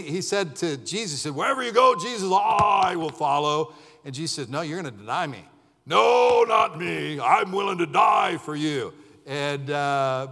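Animated preacher man in a reverberant hall. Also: a little high. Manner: animated storytelling, acts out quotes, shouts at peaks. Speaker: pastor. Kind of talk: sermon. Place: church sanctuary.

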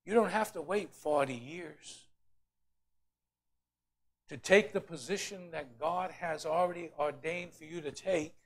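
A man with a high voice delivers a sermon from the pulpit of a church. He drops into quiet, low passages, then climbs into loud, ringing emphasis, sometimes slipping into the whiny voices of complainers he is describing. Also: measured pace, long pauses. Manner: preaching with rising shouted emphasis, acting out complainers. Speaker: pastor. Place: church sanctuary.

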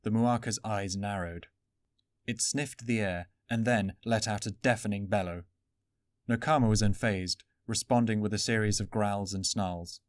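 A man narrating a fantasy adventure story in an even, steady storytelling manner. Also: on the low side, normal speed, no echo, clean studio sound. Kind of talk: audiobook fan reading.

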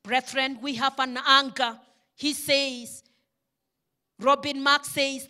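A woman pastor delivers a sermon with fervour, her voice very high and bright. She speaks at an unhurried, deliberate pace, pressing each phrase home and rising into impassioned pleas. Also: level tone.

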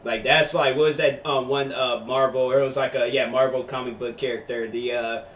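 A man's voice: mid-range voice, steady tone, brisk, a bit bright, reverberant, recorded from a distance, a little hiss or hum. A man casually reacting to a clip, rambling in a laid-back way. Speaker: reaction video host.

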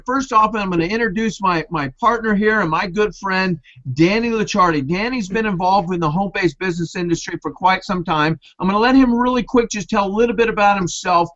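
A man's voice: high-pitched, a bit bright. A man hosting an online business training, coaching in a motivational webinar style and firing off rhetorical questions. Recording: muffled lo-fi video call audio.

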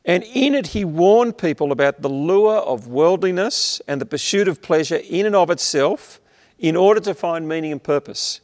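A man with an Australian accent preaching an earnest sermon, slowing on key words and letting his sentences fall away at the end. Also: a little high, expressive, a little mellow. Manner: earnest, emphatic preaching with slowed stresses and dropping endings. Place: church, streamed online. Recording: long hall reverb.

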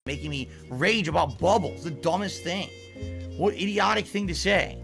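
A man streaming games, ranting in an exasperated, profane way about his chat, sometimes yelling. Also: high voice, lively intonation, moderate pace, vocal fry, soft background music. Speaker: game streamer. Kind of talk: angry stream rant.

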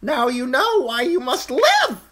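A man voicing an eerie, commanding three-eyed crow in a storybook reading, with a shrill, very high voice. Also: wildly swooping pitch, measured pace, fairly bright tone, exaggerated voice. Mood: ominous.

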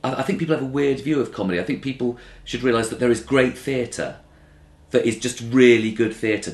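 A man in his thirties, a comedian answering interview questions, rambling and breaking off to act out quoted voices. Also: medium pitch. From Britain. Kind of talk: conversational interview. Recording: roomy interview recording.

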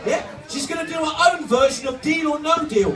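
A man doing live stand-up comedy, loud and punchy, shouting to reach the crowd. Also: very high voice, animated, normal speed. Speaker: comedian and impressionist. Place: holiday park entertainment stage. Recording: echoey room, from far off, music and crowd.

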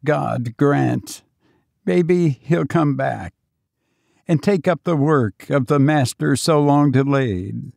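A man's voice: medium pitch, slow pace, gravelly, a little mellow, no echo, clean studio sound. A man voicing a frail, devoted old male servant who speaks with a quivering voice. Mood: anxious.

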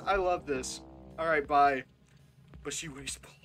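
A game streamer giving casual live commentary, excitable and swearing freely, swinging between loud outbursts and hushed asides. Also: medium pitch, moderate pace, long pauses, faint music behind.

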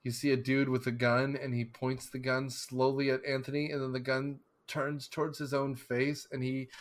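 A man's voice: mid-range voice, little pitch movement, moderate pace. A man hosting a casual podcast discussion, rambling with many fillers and restarts, acting out scenes as he describes them. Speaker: podcast host.

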